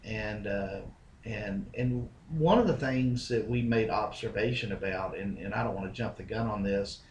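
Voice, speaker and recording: A man co-hosting a casual church podcast, a lively storyteller who chuckles as he recounts memories. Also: lowish voice, moderate pace, slight background noise. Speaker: podcast co-host.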